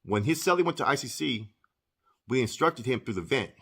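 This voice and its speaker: A man's voice: mid-range voice, animated, a little fast, a bit bright, husky. A man casually recounting his time in prison, in blunt, profane street talk. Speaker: former inmate telling his story. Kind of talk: casual storytelling.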